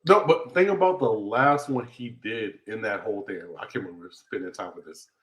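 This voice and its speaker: A man's voice: lowish voice, brisk, fairly bright tone, rough recording. Laid-back man on a sports podcast. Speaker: podcast co-host. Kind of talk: casual sports podcast chat.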